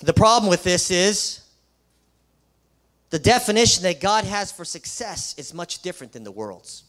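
A man's voice: high-pitched, lively intonation, moderate pace, fairly bright tone. A man who is a Christian school principal, preaching an emphatic sermon full of rhetorical questions and sarcastic asides.

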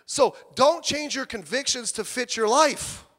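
A male pastor preaching a sermon in a church, animated and conversational, acting out the people he quotes and swinging from soft asides to loud outbursts. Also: very high-pitched, unhurried, big-room sound.

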